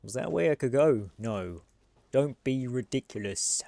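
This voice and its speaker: A man's voice: medium pitch, animated, normal speed, gravelly, warm tone, no room sound. A man from the United States streaming a game with casual, rambling commentary and frequent swearing. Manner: chatty, rambling, swears freely.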